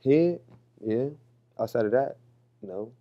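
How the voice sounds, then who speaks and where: A young man answers interview questions in a loose, candid way. His talk is full of slang and profanity. His pitch sits in the middle range. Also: expressive, slow, dark tone, highs cut off. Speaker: interview guest.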